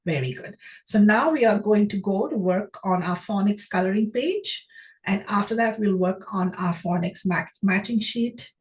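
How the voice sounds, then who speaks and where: A woman teaching children phonics, patient and encouraging, sounding out words slowly and praising often. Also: medium pitch. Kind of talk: phonics lesson to young children.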